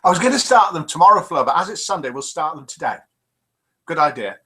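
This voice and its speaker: A man's voice: on the high side, sing-song, fast talker, bright, forceful tone, breathy edge. An older man hosting a live web show, chatting casually and reading viewers' comments aloud with self-mocking humour.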